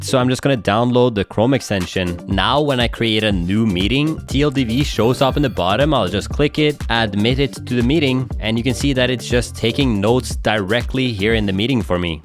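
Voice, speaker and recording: Male tech youtuber, brisk scripted read, mid pitch, light music underneath. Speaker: tech video host. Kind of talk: scripted narration and sponsor read.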